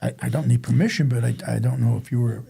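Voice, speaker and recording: An older man tells a rambling childhood story in casual chat, often restarting his sentences. His voice is very gravelly and husky, with a dark, mellow tone. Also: mid-range voice, quick pace. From Staten Island, New York. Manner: rambling, self-interrupting storyteller. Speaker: podcast guest telling a life story.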